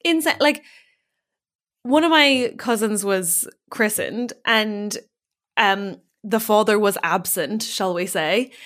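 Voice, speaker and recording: A young Irish woman chatting as a comedy podcast guest, an animated storyteller with lots of fillers and restarts. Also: medium pitch. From Ireland. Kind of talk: casual podcast chat.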